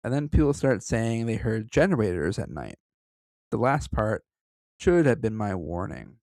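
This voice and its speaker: Podcast co-host, male, gravelly reader who drops in profane banter; dry close mic. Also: lowish voice, big pitch swings, moderate pace, darkish tone, no room sound. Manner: profane, joking asides between read passages. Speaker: podcast co-host reading a story. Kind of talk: casual story reading with banter.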